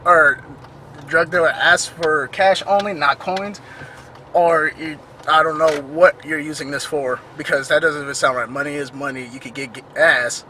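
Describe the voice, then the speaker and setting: A man vlogger casually telling a story, animated and acting out the dialogue he quotes. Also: fairly high pitch, a little hiss or hum.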